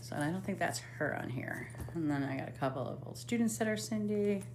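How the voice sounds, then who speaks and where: A woman's voice: fairly low pitch, expressive, brisk, a little mellow, slight background noise. Chatty woman reading cards on a live stream. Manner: chatty, swears casually, hums while scrolling. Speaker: psychic medium hosting a live stream.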